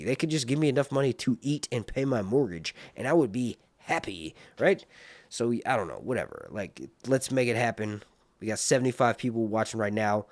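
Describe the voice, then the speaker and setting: A man's voice: mid-range voice, a little fast, dry recording. Rambling man livestreaming, dry mic. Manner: rambling, animated, mutters asides to himself. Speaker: livestream host reviewing a TV series. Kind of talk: casual livestream chat.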